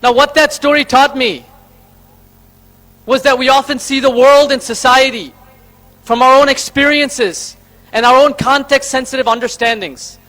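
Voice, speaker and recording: A man's voice: very high-pitched, fairly even intonation, moderate pace, bright, forceful tone. A man from Karnataka, giving an emphatic public speech from a stage and listing his points in order. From Karnataka, India. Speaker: invited speaker.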